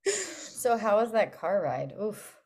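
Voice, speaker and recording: A woman hosting a casual chat, supportive and quick to react with "oh my gosh" while asking questions. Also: medium pitch, huge pitch swings, a little mellow, husky. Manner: supportive, frequent "oh my gosh" and "mm-hmm". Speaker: podcast host asking about the birth.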